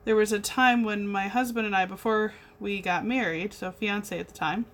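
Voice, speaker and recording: Speaking at normal speed in a steady, fairly bright mid-range voice, a young woman paints during a craft livestream. She keeps up a bubbly, chatty conversation with her viewers as she works.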